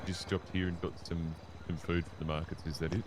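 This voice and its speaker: A man's voice: deep voice, little pitch movement, fairly quick, a little hiss or hum. A man playing a police officer in a game roleplay, addressing a driver politely and formally.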